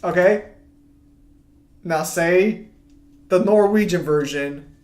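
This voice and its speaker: A man's voice: high voice, slow pace, darkish tone. A man hosting a casual gaming chat with friends, teasing and laughing often. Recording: echoey room.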